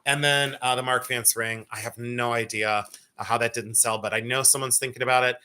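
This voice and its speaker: Man in his fifties, sale host, chatty and rambling, auctioneer chant, bright tone. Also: mid-range voice, steady tone, brisk, smooth. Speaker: live jewelry sale host. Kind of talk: live-stream sales chat.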